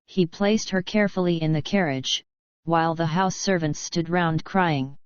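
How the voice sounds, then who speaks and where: A woman narrating a classic novel for an audiobook, calm and even in her storytelling. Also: fairly low pitch, moderate pace, clean tone, dry recording. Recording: slightly muffled, dry close mic.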